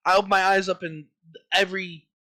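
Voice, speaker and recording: A young man co-hosting a casual podcast chat, telling stories in an animated way and acting out his own panicked quotes. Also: high voice, brisk, a crowd in the background. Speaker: podcast co-host.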